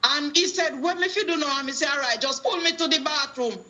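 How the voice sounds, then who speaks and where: A woman's voice: high voice, fairly quick, sharp tone. A middle-aged woman with a Jamaican accent, calling in to a talk show with a preachy testimony that quotes scripture and acts out dialogue in patois. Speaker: caller.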